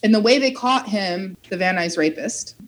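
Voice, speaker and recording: Animated young woman telling a wild story. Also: medium pitch, normal speed. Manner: animated, acts out quotes, swears freely. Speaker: podcast host telling a story. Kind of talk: casual chat, storytelling.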